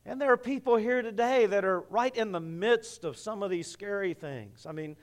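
A male pastor preaching a sermon, telling a story in an animated, playful way. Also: high voice, moderate pace.

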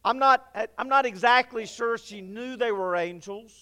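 High, smooth-voiced preaching man. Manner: earnest, conversational preaching with dramatic pauses and drops to a hush. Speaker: pastor. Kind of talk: sermon.

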